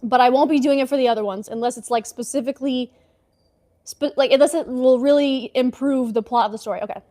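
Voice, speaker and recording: High-voiced giggly woman livestreamer. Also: fast, warm tone. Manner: giggly, chatty asides. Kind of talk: casual live reading of fan fiction.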